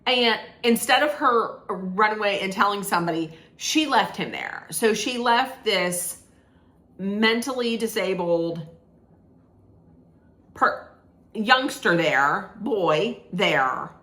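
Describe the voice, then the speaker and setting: A woman's voice: medium pitch, lively intonation, slow pace, fairly bright tone. A woman casually recapping a film's plot as a reviewer, rambling with restarts and lots of "like". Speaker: movie reviewer. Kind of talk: casual spoiler recap of a film.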